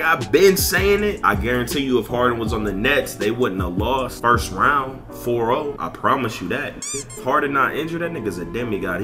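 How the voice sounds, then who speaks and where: Brash male gamer trash-talking over loud game music, mid-pitched. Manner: brash, profane, mocking. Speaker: gaming YouTuber. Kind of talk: casual gaming commentary and trash talk.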